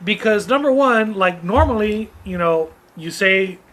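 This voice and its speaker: Bright, blunt man with swearing. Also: high voice, animated, a little slow. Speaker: podcast co-host. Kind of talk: casual storytelling chat. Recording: faint background noise.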